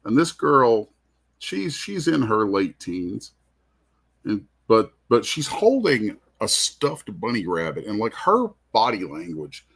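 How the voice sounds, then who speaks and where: A man's voice: lowish voice, huge pitch swings, slow, creaky, a bit bright, breathy edge. A man hosting a comic art show, telling a rambling, heartfelt story in casual chat. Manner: rambling, heartfelt, restarts often. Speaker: comic artist host. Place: convention booth.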